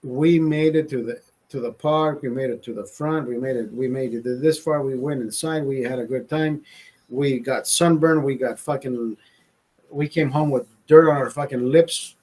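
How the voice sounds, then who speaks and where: A man's voice: medium pitch, normal speed, darkish tone. A man hosting a livestream, telling a story in a profane, emphatic way, often repeating himself and restarting sentences. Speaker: livestream host. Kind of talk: casual live storytelling rant.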